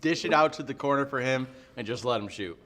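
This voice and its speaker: This young adult man is a youth pastor, speaking fast in a mid-range voice over a slight hiss or hum. He laughs often and jokes animatedly through a casual hot-wing question game.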